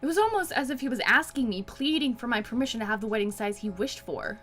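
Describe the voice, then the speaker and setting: A woman's voice: on the high side, lively intonation, fast, fairly bright tone, soft background music. A woman casually playing and reading a romance visual novel aloud, joking and swearing along the way. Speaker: game player and reader.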